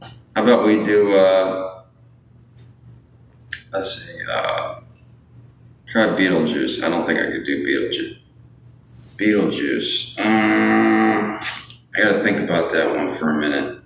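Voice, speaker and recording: A low-pitched man takes it slowly with long pauses as he chats casually on a livestream in an echoey room with faint background noise. Between rambling answers to viewers and requests for money, he often tacks on "you know what I'm saying".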